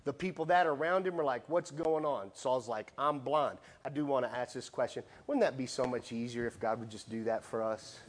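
A man preaching a sermon with animated storytelling, acting out the voices in the story. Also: mid-range voice, fast talker, few pauses.

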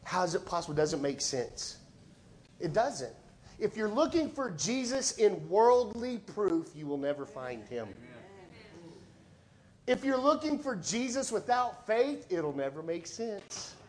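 A male pastor delivering a sermon in an emphatic, conversational way, swinging between loud lines and hushed ones. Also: high voice, very animated, unhurried.

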